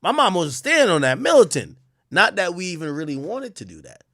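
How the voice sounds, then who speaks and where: A man with a fairly high speaking voice rants through a livestream in heated, profane commentary. His pitch swings widely as he jumps from loud outbursts to muttering asides. The sound is close and dry, with no room echo. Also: very animated, fairly quick. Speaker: livestream host.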